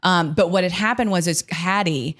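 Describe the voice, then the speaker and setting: A woman's voice: on the low side, moderate pace, a bit bright. A woman in her thirties co-hosting a podcast, chatting candidly about her kids and laughing as she swears. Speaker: podcast co-host. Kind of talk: casual chat.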